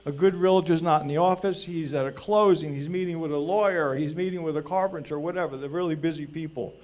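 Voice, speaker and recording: A middle-aged man talks casually to a room of peers in a slightly high voice. He rambles through anecdotes with asides and little jokes, in an easy, informal way. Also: a little fast, darkish tone. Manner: chatty, anecdotal, jokey. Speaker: real estate videographer presenting. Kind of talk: casual talk at a group meeting.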